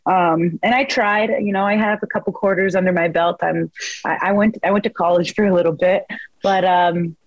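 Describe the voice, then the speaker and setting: A woman's voice: lowish voice, steady tone, moderate pace, no room sound, highs cut off. A young woman from Washington state, a fighter, telling stories in a chatty interview, filling her speech with "like" and acting out what others said. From United States, Washington state. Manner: chatty, lots of "like", acts out quotes. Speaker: guest fighter. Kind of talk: casual interview storytelling.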